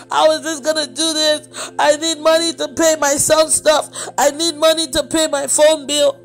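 A woman's voice: high voice, steady tone, normal speed, faint music behind. A woman preacher giving an emotional testimony, acting out the dialogue as she tells it. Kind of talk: testimony sermon.

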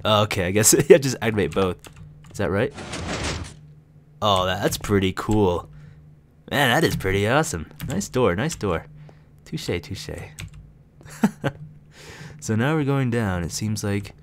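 A man's voice: lowish voice, lively intonation, takes it slowly, long pauses, a little hiss or hum. Giggly guy doing let's play commentary, bouncy voice, keyboard clicking in the back. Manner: playful, giggly, talks to game characters. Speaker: gaming channel host.

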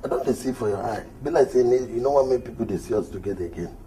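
A man's voice: mid-range voice, fast, warm tone, a little hiss or hum, natural voice, poor audio. A man with a Nigerian Pidgin accent playing a boastful, flirtatious hustler in a comedy film, talking in teasing, swaggering banter. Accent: Nigerian Pidgin English. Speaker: boastful suitor. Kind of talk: Nollywood comedy film acting.

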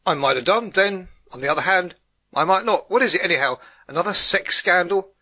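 A man's voice: sits high, expressive, a little fast, bright, forceful tone, pitched above the performer's own voice, exaggerated voice. A man playing a dour, grumbling woman neighbour. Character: dour, skeptical scraggy older woman neighbour.

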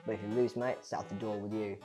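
A woman's voice: rumbling low, steady tone, fast, mellow, faint music behind, pitched below the performer's own voice, poor audio. A woman voicing a boastful male ghost with a put-on British accent, taunting the player. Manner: taunting, cocky. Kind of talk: video game voice-over.

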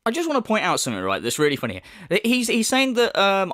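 A man's voice: sits high, wildly swooping pitch, fast talker, few pauses, fairly bright tone. Mocking, sweary man ranting. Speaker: YouTube commentator. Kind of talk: casual rant commentary.

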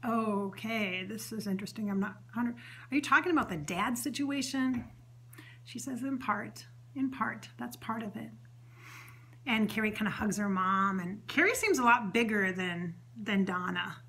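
Bright-voiced woman rambling through a channeling session. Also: mid-range voice, moderate pace, slightly rough. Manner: rambling, chatty, with many fillers and restarts; earnest and emotional, relaying what a spirit says. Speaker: psychic medium host. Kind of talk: spontaneous channeling session monologue.

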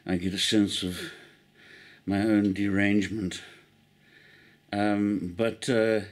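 Unhurried, self-deprecating middle-aged man from South Africa, vlogging on a camera mic. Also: on the low side, little pitch movement. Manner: meandering, self-mocking, chatty. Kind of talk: rambling casual vlog. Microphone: handheld camera mic.

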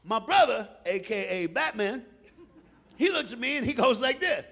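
A high-voiced preacher tells a comic story, his pitch swinging widely as he laughs along. His voice has a gravelly edge, and faint noise sits behind him. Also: normal speed. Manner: animated, laughing, playful.

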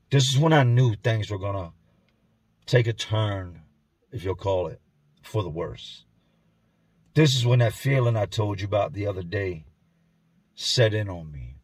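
A man with a husky, low voice telling a grim story from his own life. His delivery is somber and intense and often sinks to a hush. The sound is dry and close, as if recorded indoors at home. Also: animated, unhurried, pauses often, dry recording. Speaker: storyteller and channel host. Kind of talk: first-person storytelling.

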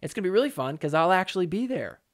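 A man's voice: high-pitched, sing-song, racing. A man hosting a solo pickleball commentary podcast, talking casually and joking around. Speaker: podcast host.

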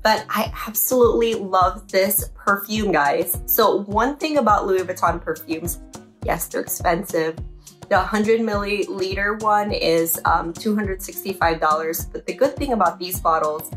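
Slow-talking woman vlogger over soft music. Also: medium pitch. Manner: chatty, with frequent ums. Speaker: beauty vlogger. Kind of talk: casual product review.

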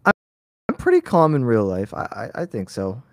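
A young Toronto man, a guest rapper on a casual podcast call, talks at normal speed in a medium-pitched voice that swoops wildly up and down. He comes across easygoing and laid-back, if a little hesitant. There's no room sound.

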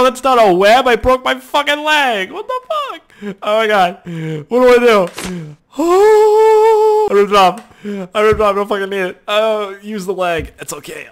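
A young man doing loud, excitable gaming commentary, swearing, yelping and shouting as he plays. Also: sits high. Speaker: gaming YouTuber.

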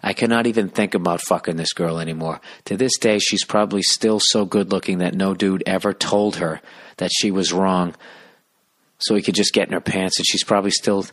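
A man with a very low voice rambles through a comic podcast monologue. He keeps his voice down to a near whisper and swears freely as he riffs. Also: steady tone, a little fast. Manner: profane, hushed half-whisper. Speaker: podcast host.

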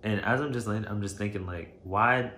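A man telling a personal story to camera, shaken and emotional, halting and hesitant with many fillers. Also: lowish voice, fairly bright tone. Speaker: vlogger. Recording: roomy echo, faint background noise.

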